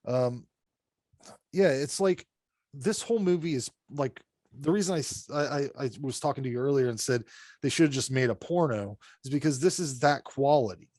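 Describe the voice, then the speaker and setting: A man's voice: mid-range voice, darkish tone, dry recording. Blunt, swearing man ranting in a dry room. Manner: blunt, ranting, swears often, quick laughs. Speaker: podcast co-host reviewing horror films. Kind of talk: casual profane chat.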